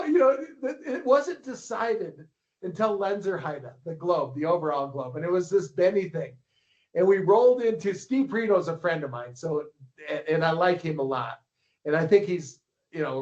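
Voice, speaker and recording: This podcast guest is a man in his sixties, a longtime ski racing coach who is also a publisher, and his voice is a little high with a darkish tone. He rambles through anecdotal stories, repeating words and performing other people's dialogue. The recording is lo-fi podcast audio, slightly muffled.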